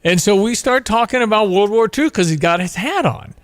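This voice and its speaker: A man's voice: sits high, expressive, fairly quick, no echo, clean studio sound. A man hosting a talk show, telling a story in an earnest, emphatic way and drawing moral lessons from it.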